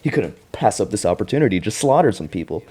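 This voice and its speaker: A man's voice: lowish voice, sing-song, quick pace, mellow, slightly rough. A man hosting a podcast, recapping a TV show in a casual, profane, joking way. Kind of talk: casual chat.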